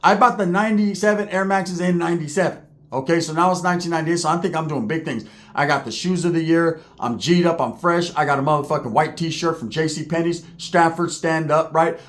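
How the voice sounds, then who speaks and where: A man in his forties telling a street story in a profane, slangy, animated way. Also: on the high side, a little fast.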